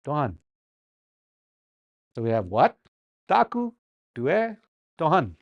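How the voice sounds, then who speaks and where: Lively, playful language teacher. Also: mid-range voice, slow, no echo, lo-fi sound. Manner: playful, repeats words for practice, chuckles often; paces around the room while teaching. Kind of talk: live language class. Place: classroom during a livestreamed class.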